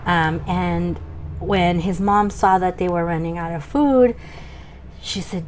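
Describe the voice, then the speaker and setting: A young adult woman telling a children's story aloud, slowly and expressively, with many pauses. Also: lowish voice, slight background noise. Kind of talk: oral storytelling for kids.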